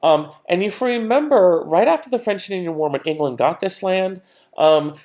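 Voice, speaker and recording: A man's voice: on the high side, darkish tone. A man giving a recorded history lecture in a casual, conversational way, with frequent fillers and playful quoted voices. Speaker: history teacher.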